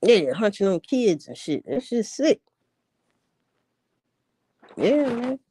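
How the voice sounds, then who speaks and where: A woman's voice: fairly high pitch, very animated, slow pace, mellow, breathy edge. A woman ranting in a casual commentary, blunt and heavy on profanity. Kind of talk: casual rant.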